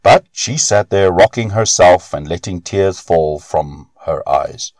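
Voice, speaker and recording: A man narrating a storybook tale in an expressive, unhurried reading. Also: deep voice, dry recording, studio quality.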